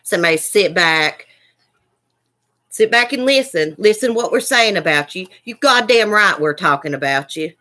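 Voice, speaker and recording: A woman's voice: fairly low pitch, expressive, moderate pace, pushed and bright. Angry woman ranting on livestream. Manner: heated, cussing, repetitive. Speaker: livestream host.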